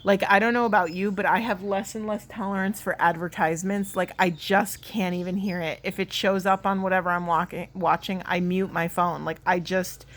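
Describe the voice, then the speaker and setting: A woman's voice: lowish voice, steady tone, moderate pace, hardly any pauses. A woman giving a spiritual card reading to viewers, talking in an earnest, rambling and emotional way. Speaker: tarot card reader.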